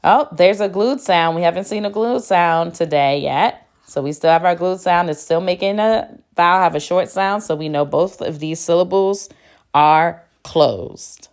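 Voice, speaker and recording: Woman, teacher, low-pitched, slow, deliberate, spells words letter by letter. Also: darkish tone. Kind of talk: phonics spelling lesson. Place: classroom.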